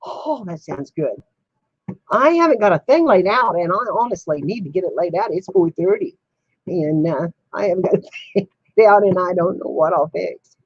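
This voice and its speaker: A woman's voice: on the low side, lively intonation, moderate pace, breathy edge, no room sound, highs cut off. An older woman chatting casually with viewers on a home livestream, laughing often in a folksy way. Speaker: livestream host. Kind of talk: casual chat answering viewers.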